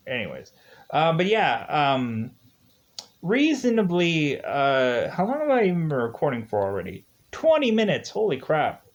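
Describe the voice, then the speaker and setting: A man giving casual, rambling commentary on a mobile game he's playing, chatty and quick to laugh. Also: a little high, sing-song. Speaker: gaming video host. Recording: dull lo-fi recording.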